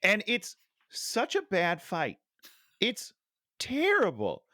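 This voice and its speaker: Exasperated middle-aged man, lively pitch. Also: slow, dry recording, clean studio sound. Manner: exasperated, ranting, sighing. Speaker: podcast co-host. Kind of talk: casual movie-review chat. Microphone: headset.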